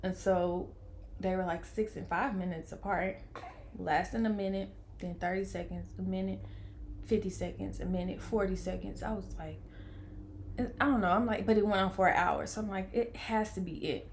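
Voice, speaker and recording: A young woman, telling a personal story in a casual vlog, lively, playing out the voices of people she quotes. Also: mid-range voice, normal speed, a little hiss or hum. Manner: animated, acts out quoted voices, laughs often. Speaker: vlogger telling her birth story.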